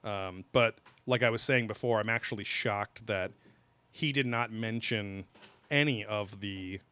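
Low-voiced guy rambling on a podcast, lots of ums, swears a bit, dry close mic. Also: unhurried, pushed and bright, clean tone, dry recording. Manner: rambling, heavy with fillers and casual swearing. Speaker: podcast co-host. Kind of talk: casual chat.

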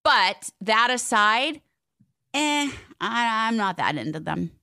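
A woman co-hosting a casual podcast, reading ads and chatting in an animated, laughing way. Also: a little high, slow, smooth. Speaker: podcast co-host. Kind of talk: casual chat and read ads.

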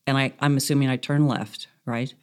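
A woman's voice: rumbling low, fairly even intonation, brisk. A woman hosting a podcast, chatting playfully over a video call, laughing often and rambling a bit. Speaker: podcast host.

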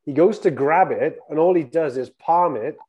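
A man co-hosting the chat, telling a story in a quick, chatty way. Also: fairly high pitch, a little mellow. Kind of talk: casual storytelling.

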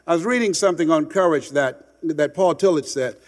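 A man from Miami giving an impassioned motivational speech, repeating words for emphasis and dropping to a hush for stories. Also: on the high side, brisk, in a large hall. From Miami, United States. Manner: emphatic, repeats words, swings from loud to hushed storytelling. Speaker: motivational speaker.

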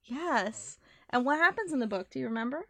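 A woman's voice: sits high, lively intonation, a little fast, pushed and bright. A woman co-hosting a podcast in casual chat, talking with enthusiasm and laughing often. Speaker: podcast co-host; parent.

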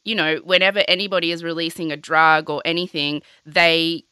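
Young female host, chatty and sweary, a bright, fairly low voice. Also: level tone, fairly quick, smooth, no echo. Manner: chatty, sweary, heavy on filler "like". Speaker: podcast host. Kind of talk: casual storytelling chat.

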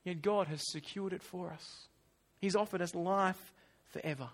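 A man preaching a sermon, animated and acting out quoted voices, then dropping to quiet asides. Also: high-pitched, normal speed.

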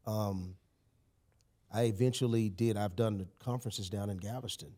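Man, husky low voice, animated storyteller, podcast guest. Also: moderate pace. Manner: animated, emphatic storyteller with many "you know" and "man". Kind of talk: storytelling in casual podcast conversation.

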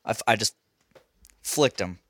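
A man's voice: lowish voice, moderate pace, no echo, clean studio sound. A young man telling a casual story as a podcast host, laughing often and swearing freely. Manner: animated, laughing, swears a lot.

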